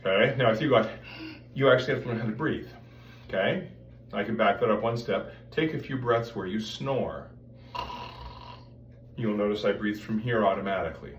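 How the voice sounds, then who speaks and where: Low-voiced man teaching voice, echoey room. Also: normal speed, pauses often, distant mic, a little hiss or hum. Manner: explains with sung vowel demonstrations. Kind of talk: casual spoken lesson. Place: room with music stands and metal ductwork.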